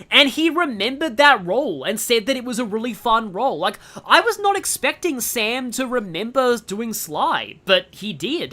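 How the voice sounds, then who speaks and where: Aussie streamer in their 20s, chatty and excited, voice jumps all over, trails off mid sentence a lot. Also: mid-range voice. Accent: Australian. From Australia. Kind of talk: casual game stream commentary.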